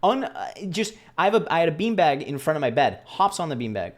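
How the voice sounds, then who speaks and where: A man's voice: fairly high pitch, sing-song, a little fast. A young man casually telling a story to camera in a rambling, self-deprecating way, acting out the voices of the people he quotes. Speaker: vlogger.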